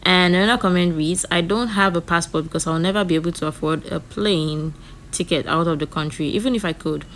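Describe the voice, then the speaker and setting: A woman's voice: on the low side, fairly quick, fairly bright tone, slight background noise. A woman hosting a reaction video, talking earnestly and rambling, often repeating herself. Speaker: reaction channel host. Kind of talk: casual reaction commentary.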